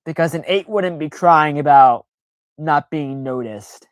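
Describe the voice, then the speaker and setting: A woman with a notably low voice, recorded close and dry with no room around her. She talks in a loose, rambling livestream chat, stacking fillers and restarts, pokes fun at herself, and slips into playful voices to act out what people say. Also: measured pace, no echo, muffled recording. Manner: rambling, filler-heavy, self-deprecating; acts out quoted reactions in playful voices. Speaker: streamer.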